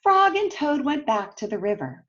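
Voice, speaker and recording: A woman teacher reading a storybook aloud to children, expressive and speaking to them directly. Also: high voice, moderate pace. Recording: dull lo-fi recording.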